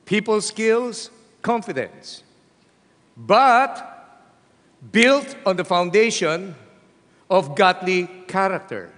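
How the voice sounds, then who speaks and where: An animated Filipino pastor preaching to a crowd. His voice sits fairly high for a man, and he speaks with emphatic energy. A long hall reverb trails after every phrase. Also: slow, pauses often. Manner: animated preaching, mixing English and Tagalog, addressing the hall. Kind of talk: sermon. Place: large hall.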